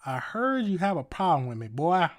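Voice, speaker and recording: A man's voice: a little high, sing-song, moderate pace, voice pushed up. A man voicing a menacing older male Southern judge with a Southern accent, drawling threats.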